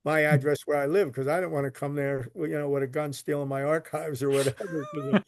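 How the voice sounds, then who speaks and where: Philly man, casual rambling storyteller, a little high-pitched, bone-dry sound. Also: flat delivery, brisk, no echo. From Philadelphia. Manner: rambling, repeats words, swears casually. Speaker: podcast guest, recovery literature collector.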